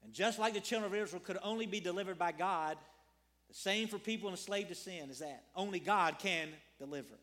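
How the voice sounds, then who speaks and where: A man's voice: sits high, brisk, a bit bright. A man preaching a sermon as a pastor, earnest, repeating phrases and asking his congregation questions.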